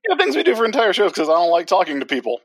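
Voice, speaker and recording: A man co-hosting a podcast in casual chat, joking with big swings in pitch. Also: big pitch swings, rapid-fire, no echo. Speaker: podcast co-host. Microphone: remote call.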